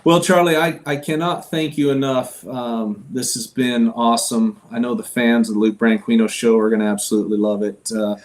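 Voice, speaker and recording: A man's voice: medium pitch, fairly even intonation, moderate pace, hardly any pauses. Man hosting an interview show. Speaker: podcast host. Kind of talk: casual interview talk.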